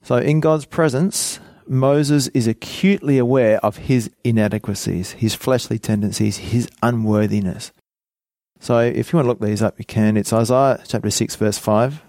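A man's voice: mid-range voice, steady tone, normal speed, darkish tone, dry recording, studio quality. A man preaching a Bible teaching, reading scripture aloud and explaining it plainly with small fillers.

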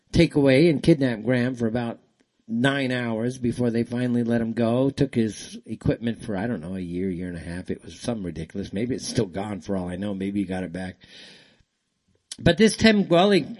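A man's voice: mid-range voice, darkish tone. A middle-aged man hosts a solo talk show in an ordinary mid-range voice. He rambles in a heated, ranting way, circling back over the same phrases and restarting his sentences. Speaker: show host.

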